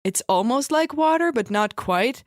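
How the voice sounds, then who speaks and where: A woman's voice: a little high, lively intonation, moderate pace, no echo, studio quality. Chatty woman improvising a story. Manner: chatty, laughing often, rambling with fillers. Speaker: podcast co-host.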